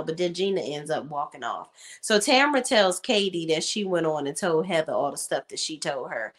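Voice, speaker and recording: A woman hosting a casual reality TV recap, talking in slang and acting out cast members' lines in quick voices. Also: low-pitched, lively intonation.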